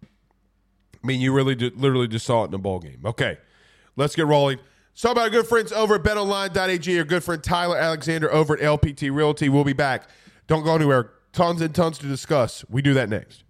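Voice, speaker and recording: A man's voice: fairly high pitch, brisk. A man with a stuffy, congested voice, hosting a casual sports talk show and rambling through viewer comments. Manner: laid-back, rambling with fillers. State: congested from a cold. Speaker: podcast host.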